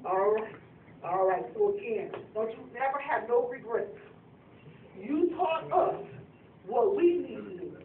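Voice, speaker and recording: A woman's voice: a little high, lively intonation, unhurried, phone-quality sound, a little hiss or hum. A middle-aged woman, telling heartfelt family stories as she addresses her parents at their anniversary. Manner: storytelling, emotional, addresses parents directly. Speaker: daughter giving an anniversary speech. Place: family gathering in a room. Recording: far-off echoey phone recording.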